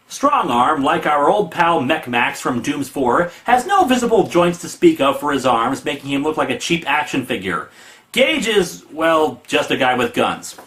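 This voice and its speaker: A man's voice: medium pitch, animated, fairly quick, a bit bright. A man hosting a sarcastic comedic comic book review, snarky and mocking.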